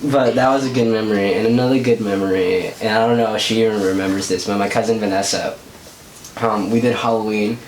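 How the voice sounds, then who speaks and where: A man's voice: lowish voice, steady tone, fairly quick. Young guy vlog host, rambly casual storyteller, off-mic in a roomy space with faint noise. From Southern California. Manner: rambling, filler-heavy storytelling. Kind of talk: casual chat. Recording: echoey room, mic at a distance.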